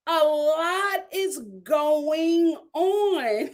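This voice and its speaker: A woman giving sassy, animated commentary on a reality show, laughing at her own jokes. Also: high voice, takes it slowly. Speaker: reality TV reviewer. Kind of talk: casual commentary.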